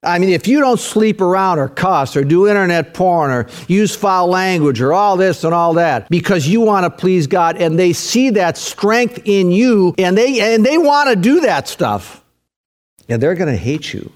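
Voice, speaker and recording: A man's voice: high voice, expressive, normal speed. A middle-aged male pastor preaching a sermon, emphatic, with his voice swinging up and down for emphasis.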